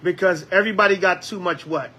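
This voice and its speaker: Animated man preaching, high bright voice. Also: fast, a little hiss or hum. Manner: animated, call-and-response, acts out quotes. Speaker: elder teaching a Bible lesson. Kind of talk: lively preaching.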